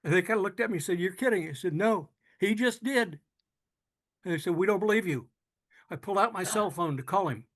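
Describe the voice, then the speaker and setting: An older man telling a personal story in an earnest, halting way, with frequent restarts, sometimes moved. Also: sits high. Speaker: speaker telling his own story.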